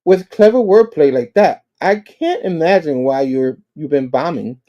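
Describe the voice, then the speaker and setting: A man reading out the lines of a doting, teasing older aunt, drawing some words out slowly. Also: a little high, expressive, mellow, lo-fi sound, lightly acted.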